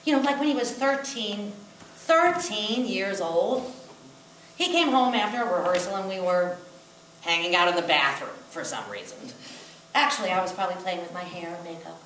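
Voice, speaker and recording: A woman performing a solo comic show on stage, telling wry, expressive stories about her brother. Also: mid-range voice, moderate pace, slight background noise. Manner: wry, expressive storytelling, breaking into song. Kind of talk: live comic storytelling with song. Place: small theatre stage. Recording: roomy live theatre recording from a distance. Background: audience laughter.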